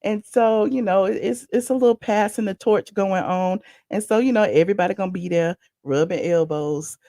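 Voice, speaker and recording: A woman from Atlanta, hosting a casual live stream with animated, rambling asides. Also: medium pitch, normal speed, dry recording, clean studio sound. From Atlanta, USA. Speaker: host.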